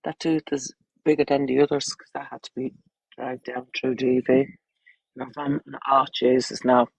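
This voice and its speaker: A woman's voice: rumbling low, level tone, normal speed, creaky, darkish tone, breathy edge, no room sound, low-quality recording. An Irish woman with children, chatting bluntly and crudely on a casual livestream, rambling from topic to topic. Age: adult, with children.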